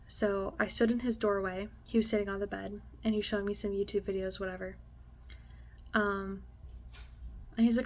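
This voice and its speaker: A young woman talks straight to camera, telling a painful story from her own life with raw candor, filler words and frequent swearing. Her pitch stays mid-range and oddly flat even as the story grows heavy, and at its hardest points her voice sinks to a hushed near-whisper. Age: young adult. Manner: candid and emotional, heavy on "like" and swearing; drops to a hushed near-whisper at intense moments. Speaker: vlogger.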